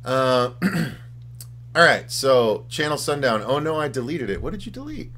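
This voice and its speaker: A man co-hosting a casual livestream chat, excitable and profane, reading viewer comments aloud. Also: medium pitch, moderate pace, slight background noise. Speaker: podcast co-host.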